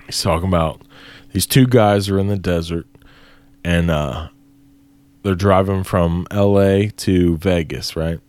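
Brief: easygoing, profane podcast host, low voice, dry close mic. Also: male voice, steady tone, a little slow, darkish tone, no echo. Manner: laid-back, profane, laughs often. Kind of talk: casual chat.

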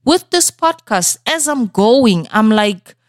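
A woman's voice: fairly high pitch, sing-song, takes it slowly, no room sound, clean studio sound. A woman hosting a solo motivational podcast from South Africa. She talks straight to her listeners in an earnest, coaching tone and keeps checking in with them. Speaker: podcast host. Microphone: studio microphone.

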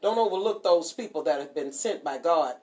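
A woman's voice: sits low, animated, fairly quick, darkish tone. A woman co-hosting a radio show in loose, casual chat. She is sassy and laughs often. She slides into preachy little asides between jokes. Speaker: radio co-host.

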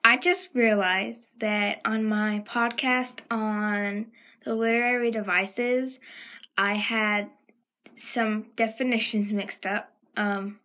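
A woman's voice: mid-range voice, fairly even intonation, slow pace, sharp tone, rough recording. A woman with a Southern American accent, hosting a casual educational podcast and hesitating often with ums as she corrects herself. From Southern United States. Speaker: podcast host.

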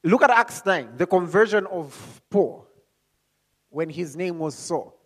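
A man with a high, slightly rough voice preaches a sermon. He begins calmly and slowly, then builds to loud calls, questioning the congregation and acting out voices.

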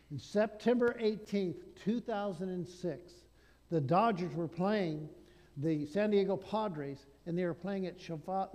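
A male pastor preaching a sermon, swinging between loud declarations and hushed asides. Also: sits high, long reverb tail.

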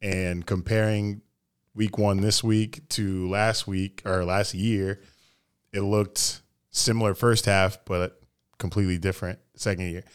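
A man's voice: low-pitched, little pitch movement, unhurried, smooth. A man co-hosting a fan sports podcast, talking loosely with swearing and trailing phrases. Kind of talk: casual sports chat.

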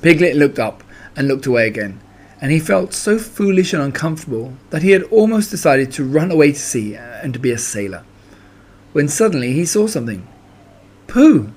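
Expressive male children's storyteller. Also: on the high side, brisk.

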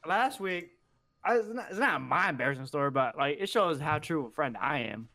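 A man's voice: on the high side, animated, fairly quick, sharp tone. Blunt, profane man telling stories. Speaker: podcast co-host. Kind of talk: casual podcast banter.

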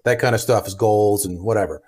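A man's voice: on the low side, fairly quick, darkish tone. A man co-hosting a casual podcast, cracking crude jokes and laughing along. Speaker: podcast co-host.

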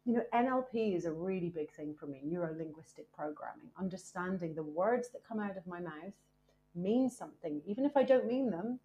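A woman talks as a podcast guest in a low, mellow voice. She is lively and emphatic, leaning on "you know" as she goes. Her tone stays warm and unhurried. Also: highs cut off, a little hiss or hum. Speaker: guest, presenter and author. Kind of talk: candid podcast conversation.

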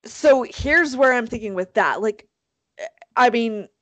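A woman hosting a casual podcast chat, animated and swearing freely, with lots of fillers. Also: on the high side, takes it slowly, dry recording. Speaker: podcast host.

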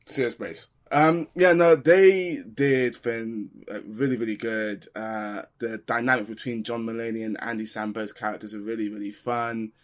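A man's voice: mid-range voice, fairly even intonation, normal speed, hardly any pauses. A man reviewing a film in easygoing casual chat, with lots of ums.

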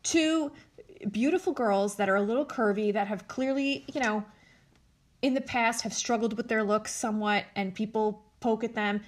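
A woman's voice: fairly high pitch, normal speed. A woman hosting a casual commentary show, blunt and sarcastic, swearing freely as she talks.

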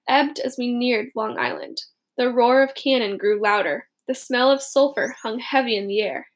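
A woman reading a first-person story aloud in a steady, plain manner. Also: on the high side. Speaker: audiobook narrator.

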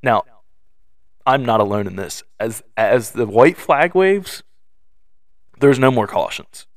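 A man's voice: medium pitch, sing-song, takes it slowly, no room sound, studio quality. A young man co-hosting a podcast, telling stories in a loose, casual way with lots of fillers. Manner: storytelling, acting out quoted voices; loose, filler-heavy delivery. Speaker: podcast co-host. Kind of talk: casual chat.

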